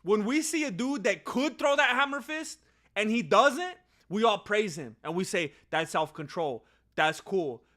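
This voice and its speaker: A man giving casual live fight commentary as a streamer, chatty and animated, with many fillers and asides. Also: extremely high pitch, moderate pace.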